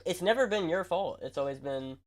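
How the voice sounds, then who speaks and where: A man's voice: fairly high pitch, animated, a little fast. A man streaming a game, chatting casually in slang, rambling and repeating himself as he tells stories. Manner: casual slang, says "bro" and "freaking". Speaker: gaming streamer. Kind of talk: casual livestream chat while playing.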